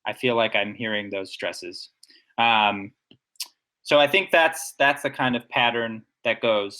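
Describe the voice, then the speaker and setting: A man's voice: lowish voice, fairly even intonation, unhurried, bright, forceful tone. Man, podcast co-host, casual chat, enthusiastic, nerdy, breaks down details. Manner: enthusiastic, nerdy, analytical, talks through examples. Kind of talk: casual poetry discussion.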